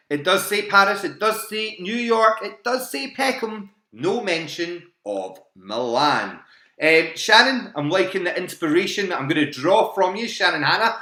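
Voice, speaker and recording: A man's voice: a little high, sharp tone. A man hosting a live online quiz from his home, chatty and laughing often as he repeats each question and its options. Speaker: quiz host. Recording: echoey home room.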